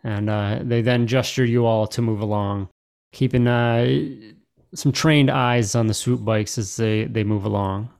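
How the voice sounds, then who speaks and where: A man's voice: on the low side, fairly even intonation, a little slow, darkish tone, smooth. A man running a tabletop game as game master, narrating casually with many fillers.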